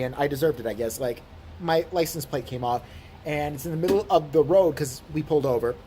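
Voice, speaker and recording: A woman's voice: deep voice, slight background noise. A woman vlogger telling a story as an indignant, profane rant. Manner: indignant, swearing, animated storytelling.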